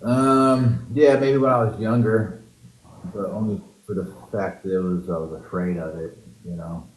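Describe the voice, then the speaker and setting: A man's voice: lowish voice, fairly even intonation, moderate pace. A man being interviewed in a casual chat, giving short, laid-back answers with sighs and fillers. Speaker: interview guest. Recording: echoey room, faint background noise.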